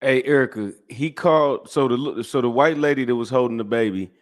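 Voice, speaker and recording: A man's voice: mid-range voice, a little fast. A man co-hosting a casual stream, asking questions in a laid-back way. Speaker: co-host. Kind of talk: casual chat.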